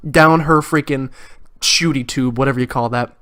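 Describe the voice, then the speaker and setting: A man's voice: mid-range voice, steady tone, normal speed, fairly bright tone, clear, resonant tone. A man hosting a let's play, reading game dialogue aloud and making goofy, sarcastic jokes. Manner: goofy, sarcastic, joking asides.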